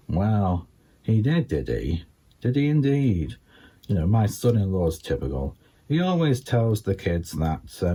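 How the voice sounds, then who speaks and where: Older scouse guy doing stand-up, low husky voice, rambles with lots of um and you know. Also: normal speed. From England. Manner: rambling, filled with ums and you-knows, lively pitch swings. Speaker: stand-up comedian. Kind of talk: stand-up comedy monologue.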